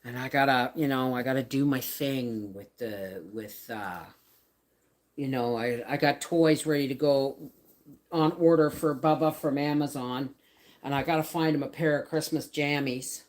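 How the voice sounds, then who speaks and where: Low, slow-talking Canadian woman chatting live. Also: a little mellow. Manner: chatty, rambling, reads and answers chat. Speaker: homestead vlogger hosting a livestream. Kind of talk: casual live-stream chat. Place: home, by the laundry baskets.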